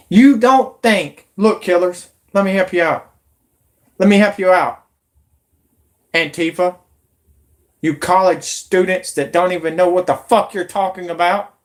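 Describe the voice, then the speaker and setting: A woman's voice: fairly low pitch, takes it slowly, pauses often. Angry woman ranting. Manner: angry, profane, shouting in bursts. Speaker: YouTube commentator. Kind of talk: angry political rant.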